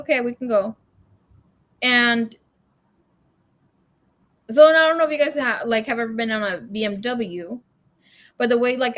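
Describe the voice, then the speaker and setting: A young woman with a somewhat high-pitched voice runs a tarot reading stream in a loose, casual way. She tells long stories in a frank, profane, chatty manner. She slips Spanish phrases into her talk. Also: fairly bright tone. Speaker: tarot reader livestream host. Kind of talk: casual storytelling chat.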